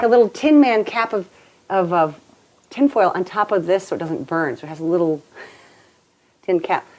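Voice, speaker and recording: A woman with a mid-range voice hosts a cooking show from her home kitchen, with background noise audible. She chats and jokes her way through a recipe, playful and laughing often, in a casual cooking demonstration.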